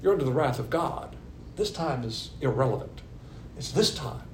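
A man's voice: medium pitch, lively intonation, normal speed, darkish tone, a little hiss or hum. A man giving a doctrinal Bible lesson, working methodically through numbered points and asking questions to his listeners. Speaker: Bible teacher. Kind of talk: doctrinal Bible teaching from notes.

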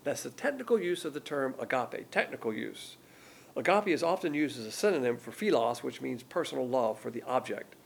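An older man preaches a sermon in a gravelly voice, explaining points in a folksy, emphatic way. His pitch leaps up on stressed words before settling back to his middle range. A faint hiss runs under the recording. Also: lively intonation, brisk. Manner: folksy, emphatic teaching with sudden pitch jumps. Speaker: pastor.

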